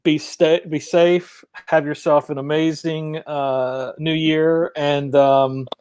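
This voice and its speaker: A man's voice: fairly high pitch, level tone, slow pace, a little mellow, clean tone. A man hosting a live-streamed show in a laid-back, casual way, full of fillers. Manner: laid-back, filler-heavy, says "dude" and "bro". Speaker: show host.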